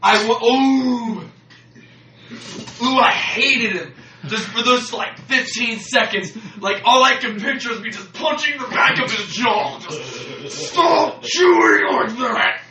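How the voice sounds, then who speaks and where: A man ranting loudly and profanely in casual chat, laughing as he goes. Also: very high-pitched, unhurried. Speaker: podcast co-host. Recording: echoey room, distant mic, noise.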